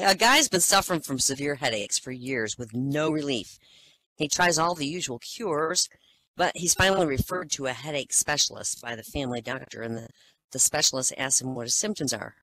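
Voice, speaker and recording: A woman with a fairly low voice tells one joke after another, her pitch bouncing all over as she slips into character voices. She laughs at her own punchlines between jokes. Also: lively intonation, normal speed, fairly bright tone, slight background noise. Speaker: joke teller. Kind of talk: telling jokes to a live audience.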